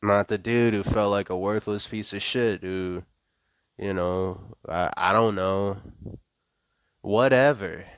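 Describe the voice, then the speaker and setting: A man's voice: lowish voice, takes it slowly, smooth. A young man in an unscripted rant, profane and rambling, with wry laughs and many fillers, speaking close to a microphone. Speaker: vlogger.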